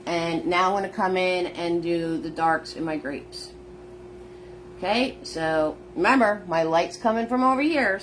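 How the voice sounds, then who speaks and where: Through a phone with a little hiss or hum comes a mid-range, fairly bright woman's voice teaching a live painting lesson. She keeps up a chatty step-by-step narration and greets viewers by name.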